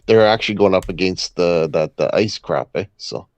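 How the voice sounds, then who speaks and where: Deep-voiced, halting male co-host. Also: dry recording. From Canada. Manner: hesitant, halting, with many fillers and chuckles. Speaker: podcast co-host. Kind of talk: casual political chat. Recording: dull lo-fi sound.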